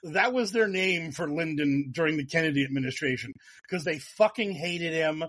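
A man with a fairly high, breathy-edged voice hosts a casual political podcast. He talks in an animated, profane, sarcastic way and keeps slipping into mocking voices for the people he describes. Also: moderate pace. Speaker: podcast host.

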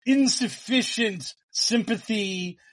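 A man's voice: sits high, slow pace. A man in casual political chat, sarcastic and mocking, swearing freely as a podcast co-host.

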